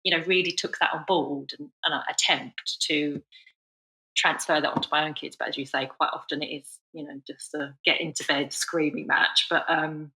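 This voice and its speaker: A woman with a low voice hosts a podcast conversation. Her tone is bright and forceful, and she reflects aloud, leaning on "you know" fillers. The sound is roomy and echoey. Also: fairly even intonation, moderate pace, gravelly. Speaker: podcast host. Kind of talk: casual conversation.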